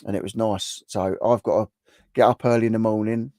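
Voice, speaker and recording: A middle-aged man hosts a laid-back livestream, chatting at length and often restarting his sentences. His voice sits on the low side. The sound is dry, with no room echo. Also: fairly even intonation, fairly quick, warm tone. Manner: chatty and rambling, with many restarts. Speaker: livestream host. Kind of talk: casual live chat reading viewer comments.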